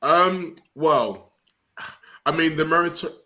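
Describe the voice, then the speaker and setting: Male guest with a bright, forceful voice who gives measured answers. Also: a little high. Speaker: special guest. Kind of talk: casual discussion.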